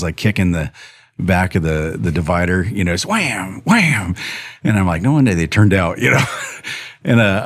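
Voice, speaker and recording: Deep-voiced man spinning rodeo yarns. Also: no echo, studio quality. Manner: animated storyteller who acts out other people's lines and laughs often; rambling, with many fillers and restarts. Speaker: podcast guest, rodeo bullfighter and horseman. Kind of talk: casual storytelling interview.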